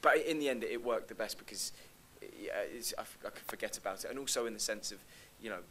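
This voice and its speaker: Young man, very low voice, rapid hesitant talk with frequent restarts, stage Q&A guest. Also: sharp tone, slight background noise, poor audio. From London. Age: young adult. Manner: hesitant, restarts often, laughs lightly. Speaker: actor guest. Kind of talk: live Q&A conversation. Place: live stage event.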